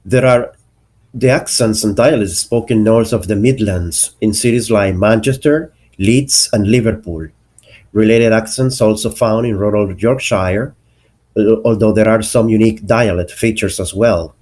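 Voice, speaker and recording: Slow, low-voiced male English teacher. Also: darkish tone. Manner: careful, deliberate enunciation of example words. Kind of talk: explaining pronunciation lesson.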